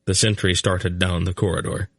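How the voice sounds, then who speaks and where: Deep guy narrating a fantasy audiobook, slow and steady, dry. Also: vocal fry, slightly rough, dry recording. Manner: slow, measured reading. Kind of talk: scripted narration.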